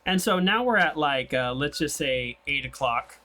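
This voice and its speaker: A man's voice: fairly high pitch, lively intonation, moderate pace, bright, forceful tone. A young man hosting casual gameplay commentary. He chats and tells long side stories while he plays. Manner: rambling and chatty, tells stories while playing. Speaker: gaming channel host. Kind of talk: casual let's-play commentary.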